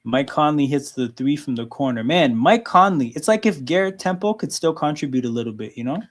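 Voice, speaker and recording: A man's voice: a little high, lively intonation, a little fast. A man hosting a casual sports watchalong livestream, talking loosely and filling his talk with "like" and "right?". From Canada. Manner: loose, conversational, frequent "like" and "right?". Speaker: livestream host.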